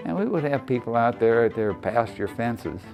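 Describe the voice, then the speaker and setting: An older man, a retired highway patrol officer, recalling his past in a plain, matter-of-fact way in an interview. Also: expressive, normal speed, over music. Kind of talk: reminiscing interview.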